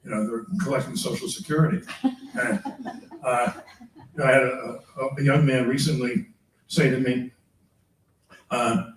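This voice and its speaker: An older man, a priest, lecturing teachers in a chatty way, chuckling often and tagging his points with quick questions to the room. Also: mid-range voice. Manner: chatty, chuckling, tags remarks with "all right?". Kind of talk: lecture with personal anecdotes. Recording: echoey room, mic far off.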